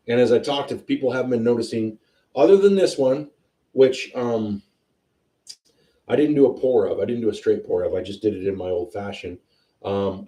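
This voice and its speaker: A man hosting a whiskey tasting livestream, chatting casually and excitedly as he tastes. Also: medium pitch, recorded from a distance. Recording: roomy sound, a bit off-mic.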